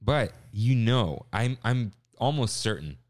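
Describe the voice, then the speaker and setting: A man's voice: lowish voice, big pitch swings, slow, no room sound, clean studio sound. A young man co-hosting a casual podcast, chatting and reading listener emails aloud. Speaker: podcast co-host. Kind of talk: casual chat.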